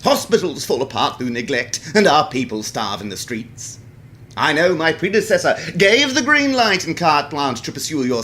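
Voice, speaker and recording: A man's voice: mid-range voice, a bit bright, a little hiss or hum, voice pushed up. A man voicing a stern, exasperated head of state with a pompous manner.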